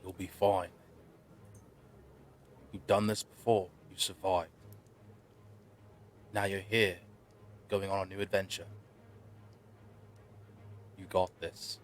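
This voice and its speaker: A man playing a steady male survivor who speaks calmly and reassuringly in a tabletop role-play. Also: low-pitched, takes it slowly, pauses often, a little hiss or hum. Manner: calm, reassuring.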